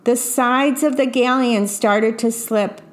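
A woman reading a picture book aloud, gently pointing out what is in the pictures as she goes. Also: fairly high pitch, fairly even intonation, takes it slowly. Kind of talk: read-aloud storytelling with picture commentary.

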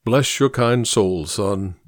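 A man reading an audiobook, voicing a tired older bishop who speaks in a slow, measured way. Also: fairly low pitch, no room sound, studio quality. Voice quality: tired, intoning. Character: weary, smooth-talking older male bishop.

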